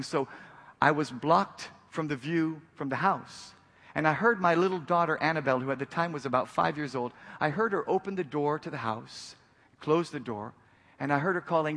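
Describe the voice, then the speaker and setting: A middle-aged man preaching a sermon, measured, slowing and dropping softly on key phrases. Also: on the high side, long reverb tail.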